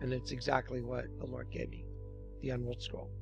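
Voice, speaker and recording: A man's voice: mid-range voice, level tone, brisk, creaky. A man narrating commentary over images, earnestly pointing out details step by step. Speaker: presenter and narrator. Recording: dull, lo-fi sound with music.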